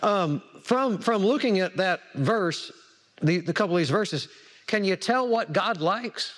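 A man's voice: high voice, lively intonation, unhurried, fairly bright tone. A man preaching a sermon, repeating words for emphasis and asking the congregation questions. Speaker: pastor.

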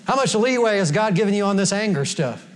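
Quick-paced and animated, a high-voiced man preaches to a congregation in a church sanctuary. He's a pastor with a folksy manner who laughs often and quotes scripture.

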